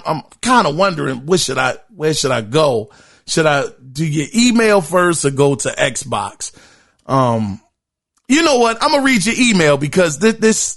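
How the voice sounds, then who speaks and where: Animated, excitable male podcast host. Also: sits high. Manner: animated, excitable, repeats words and laughs often. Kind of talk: casual podcast talk, reading listener email.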